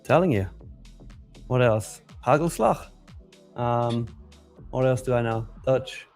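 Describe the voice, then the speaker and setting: A man co-hosts a live trading stream in a loose, playful way and jokes between chart checks. His voice sits at a middle pitch. Faint music plays underneath. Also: level tone, takes it slowly, darkish tone. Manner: joking, trying out mock accents. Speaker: trading show co-host. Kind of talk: casual live-stream chat.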